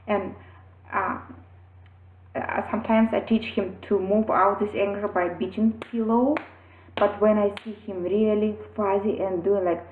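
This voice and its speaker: A woman's voice: mid-range voice, steady tone. Earnest woman, tinny and echoey. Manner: halting, with pauses and restarts, gentle and earnest. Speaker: mother sharing parenting experience. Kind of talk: earnest personal talk to camera. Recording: tinny phone-like sound in an echoey room.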